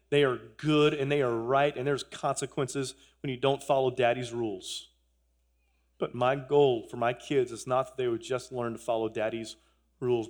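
A man in his thirties, a pastor, preaching a sermon in church in an earnest way, repeating phrases and joking with the congregation. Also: medium pitch. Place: church sanctuary.

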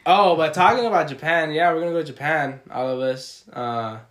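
A man's voice: a little high, fairly quick, fairly bright tone. A congested man rambling in casual, profane chat as a podcast co-host.

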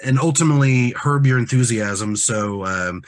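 A man talking on a casual podcast, hesitant and full of ums, trailing off quietly. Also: medium pitch, moderate pace. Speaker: podcast co-host. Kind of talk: casual chat.

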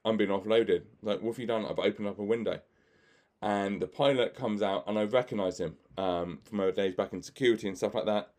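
A man's voice: on the low side, a little fast, a little mellow. A man, a magician hosting a podcast, telling chatty stories with frequent laughter and many fillers. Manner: acts out other people's lines in the stories. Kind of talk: anecdotal podcast storytelling.

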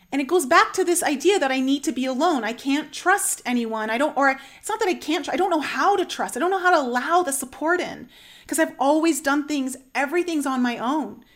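High-voiced woman telling an emotional story. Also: normal speed. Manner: earnest, animated, many fillers like "like". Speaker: channel host sharing a personal story.

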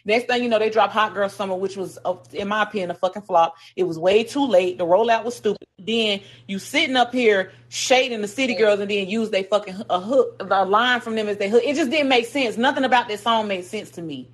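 A woman's voice: mid-range voice, a little fast, hardly any pauses, husky. A woman co-hosting a casual podcast, telling celebrity gossip with lots of profanity and acted-out quotes. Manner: animated storytelling, acting out quotes, heavy profanity. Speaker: podcast co-host.

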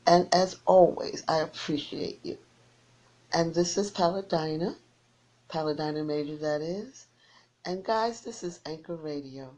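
Woman call-in radio host, talks slow, casual and folksy. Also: lowish voice, a little mellow. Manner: folksy, repeats sign-off phrases, blunt. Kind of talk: casual radio chat with callers.

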